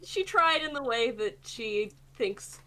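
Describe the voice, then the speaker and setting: A woman's voice: fairly high pitch, animated, takes it slowly, pushed and bright, poor audio. A woman playing a tabletop role-playing game, describing her character's actions with hesitant ums and restarts. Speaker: player.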